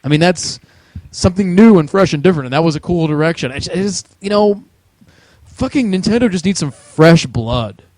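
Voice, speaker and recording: Brisk and animated, this New Jersey podcast co-host goes on a sweary, mocking rant about video games. His voice sits high with a darkish tone, captured in a dry recording.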